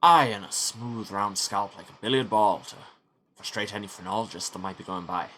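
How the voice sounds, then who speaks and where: A man's voice: fairly low pitch, normal speed, fairly bright tone, slight background noise, lightly acted. A man voicing a gloomy young Scottish doctor in a shaky put-on Scottish accent that slides toward Irish, with a dry, rueful manner. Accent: put-on Scottish drifting toward Irish.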